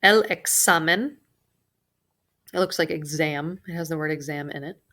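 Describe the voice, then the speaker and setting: A woman teaching a recorded Spanish vocabulary lesson, pronouncing each word slowly and carefully with casual asides. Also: deep voice, sharp tone.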